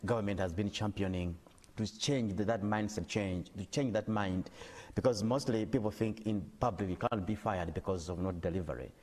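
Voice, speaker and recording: Guy hosting a tv interview, lowish voice, echoey studio. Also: moderate pace, a little mellow. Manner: asks long questions with small restarts, short affirming replies. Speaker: TV news anchor and interviewer. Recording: reverberant TV studio sound.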